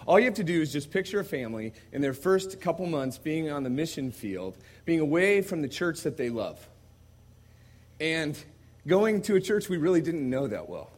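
American male missionary preacher, slightly high voice, storytelling sermon that swells to emphatic volume. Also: sing-song, moderate pace. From United States. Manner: conversational, swings from quiet asides to loud emphatic preaching. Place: church service before a congregation.

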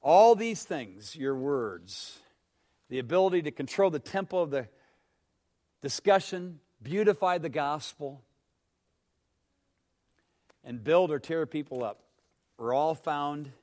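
A male preacher with a high-pitched voice delivering a sermon full of rhetorical questions. He swings between near-whispered phrases and loud, emphatic bursts, slowing down to stress key words. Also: animated. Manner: dramatic, swings from hushed to loud; asks the listeners questions.

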